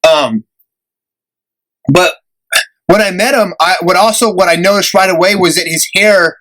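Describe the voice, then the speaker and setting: A young man hosting a podcast, telling a story in a casual, animated way, laughing often and acting out what people said. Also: high voice, moderate pace, poor audio. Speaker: podcast host.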